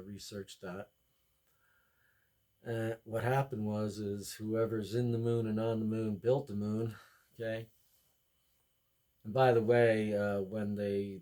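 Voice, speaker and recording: A man with a fairly low voice rambles through a comedy monologue. He talks with excitable energy and jumps from one tangent to the next. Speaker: podcast host.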